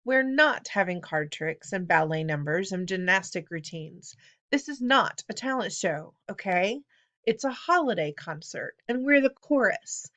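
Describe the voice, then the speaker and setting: A woman's voice: mid-range voice, lively intonation, a little slow, a bit bright. A woman voicing an earnest young boy who leads a school chorus and turns stern and commanding. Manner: pleading then commanding. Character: bossy young boy choir leader, earnest.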